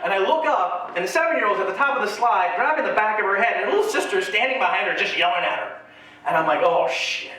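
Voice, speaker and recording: A man's voice: high voice, animated, quick pace, background noise. A man doing a stand-up comedy set on stage, telling a story and acting out the voices of the people in it. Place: live venue on stage. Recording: very echoey live venue, distant mic.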